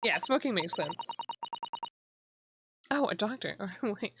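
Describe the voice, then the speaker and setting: A woman's voice: mid-range voice, very animated, slow, long pauses, background noise. A woman streaming a game, chatting casually, laughing often and swearing freely, over background music. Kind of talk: casual gameplay commentary.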